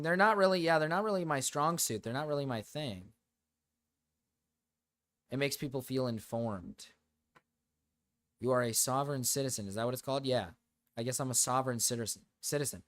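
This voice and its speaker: A man hosting a livestream, chatting casually and reading chat questions, rambling and self-deprecating. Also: medium pitch. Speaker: streamer host.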